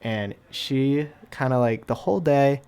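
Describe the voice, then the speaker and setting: In an unhurried, clean, slightly mellow medium-pitched voice, a young YouTuber relaxes into a storytime. His telling wanders, thick with "like" as filler, and he slips in wry, offhand comments along the way.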